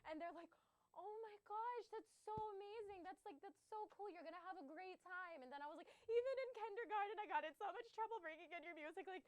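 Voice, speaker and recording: Young woman, high voice, dry sound, gushing, tearful, casual chat. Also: fast talker, no room sound. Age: 20s. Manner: gushing, emotional storytelling with many fillers. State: tearful, overcome with emotion. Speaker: podcast co-host.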